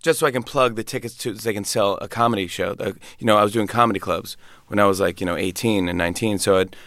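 A man, a comedian guest, telling stories in animated, casual chat with quick restarts. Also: fairly low pitch, no echo.

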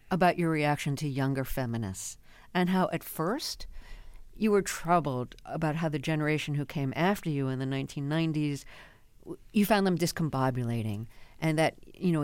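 A woman radio interviewer asking measured, curious questions in the studio. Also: low voice, a little mellow, clear, resonant tone, dry recording. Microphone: studio microphone.

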